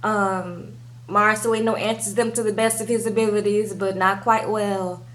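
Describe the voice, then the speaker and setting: A woman's voice: mid-range voice, steady tone, moderate pace, fairly bright tone, slight background noise. A young woman giving a casual recap of a reality TV episode, chatting away and tagging her sentences with "okay?". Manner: acts out the cast members' lines. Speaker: TV show recap vlogger.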